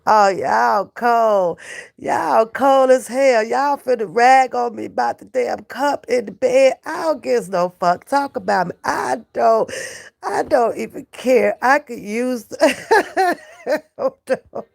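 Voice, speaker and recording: A woman's voice: on the high side, expressive, slow, vocal fry. A woman who is sick with a cold, chatting from her bed on a live stream, profane and laughing as she banters with her chat. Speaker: vlogger talking to live chat. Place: in bed at home.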